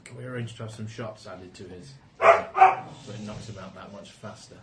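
A man's voice: lowish voice, fairly even intonation, moderate pace. A man playing a tabletop game, making dry, joking asides. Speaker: player. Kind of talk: tabletop role-play. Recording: loud background noise.

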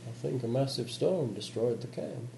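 A man putting on a weary, gruff radio operator with a Southern American drawl, brooding over dark memories. His pitch swings widely as he talks. The tabletop recording sounds roomy with a faint hiss behind it. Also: animated, moderate pace. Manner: gruff, brooding, ominous storytelling. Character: weary male radio operator at a polar base.

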